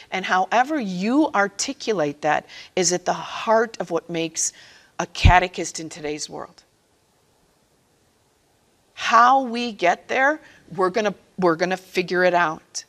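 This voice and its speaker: At a training session for catechists, a woman speaks with a medium-pitched, fairly bright voice. She shares her faith in an earnest, conversational talk, dramatizing the quotes as she goes.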